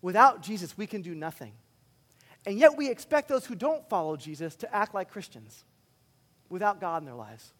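A man preaching a sermon as a pastor, animated and swinging between loud emphatic bursts and quiet, earnest asides. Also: high voice, normal speed, big-room sound.

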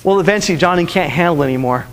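A man's voice: a little high, racing, in a large hall, a little hiss or hum. A man preaching a sermon, earnestly telling stories and repeating his key lines. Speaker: pastor.

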